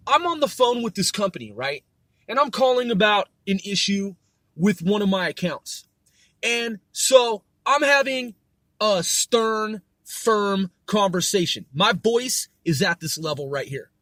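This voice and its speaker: A man's voice: high-pitched, sharp tone, dry recording. A man hosting a podcast, delivering a profane, emphatic, stern rant. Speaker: podcast host. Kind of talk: ranting podcast monologue.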